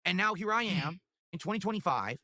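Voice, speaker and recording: A male YouTuber delivers a defiant, self-justifying monologue at a rapid clip. His voice is fairly high for a man and has a bright, tense edge. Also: expressive.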